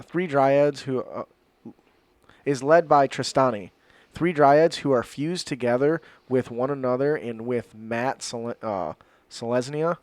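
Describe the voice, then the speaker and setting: A podcast co-host with a medium-pitched, darkish voice chats casually while reading setting notes, joking and stumbling over fantasy names. There is no room sound.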